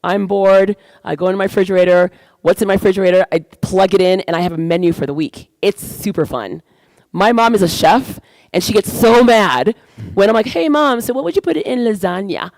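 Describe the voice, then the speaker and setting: A woman guest speaker giving an energetic, animated stage talk at an event. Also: mid-range voice, fairly quick, dry recording.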